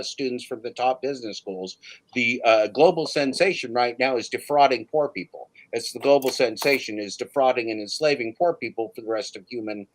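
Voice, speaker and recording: On a rough recording, a man hosting a casual livestream chat rants with emphasis, saying his listener's name again and again for effect. His pitch is medium.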